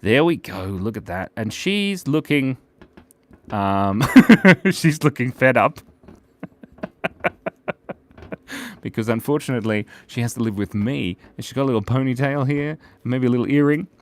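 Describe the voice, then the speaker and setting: A man's voice: medium pitch, lively intonation, measured pace, long pauses. A man hosting a live drawing stream in a playful, chatty, jokey way. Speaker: host and illustrator.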